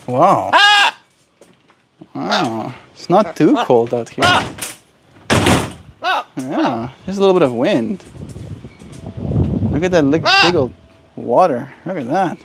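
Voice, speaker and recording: A man on a casual live stream, doting on his pet bird outdoors in soft baby talk. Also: fairly high pitch, expressive, slow, creaky, long pauses, very noisy.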